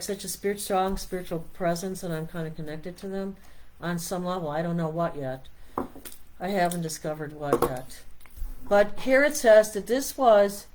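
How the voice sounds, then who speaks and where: A woman's voice: medium pitch, a little mellow. A middle-aged woman hosting a meditation stream, chatting casually and rambling as she reads product labels aloud. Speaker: meditation host. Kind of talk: casual live-stream chat.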